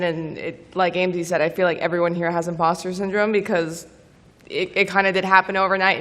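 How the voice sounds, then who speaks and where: A woman's voice: fairly low pitch, a bit bright, in a large hall. A young woman on a convention panel, speaking casually and thankfully. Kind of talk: panel talk. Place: convention stage.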